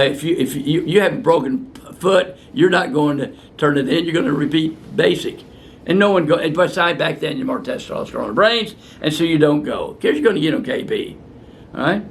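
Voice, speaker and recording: A man's voice: fairly high pitch, a little hiss or hum. An older male physician answering viewer questions in a blunt, fiery and profane way, ranting at length. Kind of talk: unscripted question-and-answer talk.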